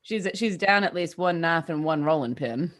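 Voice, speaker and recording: A woman's voice: on the low side, expressive, normal speed. A woman playing a tabletop game, chatting casually. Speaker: player.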